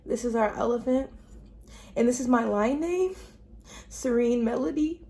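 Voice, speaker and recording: A young woman unboxing gifts in a casual vlog, excited and emotional, gasping at each gift. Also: on the high side, a little slow, pauses often. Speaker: vlogger. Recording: roomy, from far off the mic, faint noise.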